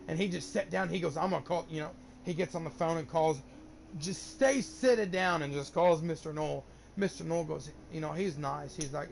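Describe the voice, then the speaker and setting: A man's voice: a little high, moderate pace, vocal fry, slight background noise. A young man telling a long personal story in casual chat, rambling and swearing often, with lots of restarts. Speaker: gamer streamer.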